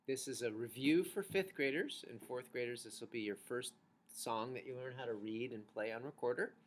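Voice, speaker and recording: A man's voice: mid-range voice, fairly bright tone. A man teaching an online recorder lesson to fourth and fifth graders, patient and encouraging, who chants rhythm syllables and note names for the class to repeat. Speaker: music teacher.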